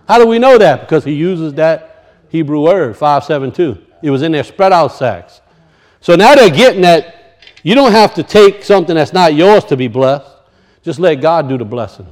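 A man preaching a sermon that teaches from a scripture passage, animated and often asking his listeners questions. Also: a little high. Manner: animated, asks the audience questions.

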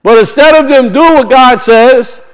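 A man's voice: extremely high pitch, unhurried, a bit bright, clear, resonant tone, rough recording. A man preaching a sermon, teaching through rhetorical questions and emphatic repetition.

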